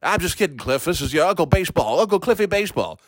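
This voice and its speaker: Brief: man voicing a foul-mouthed ex-announcer uncle, rambling and stammering, lively pitch, dry sound. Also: fast talker, dry recording. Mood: bitter. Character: crude bitter old male ex-baseball announcer uncle. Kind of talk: improvised character monologue.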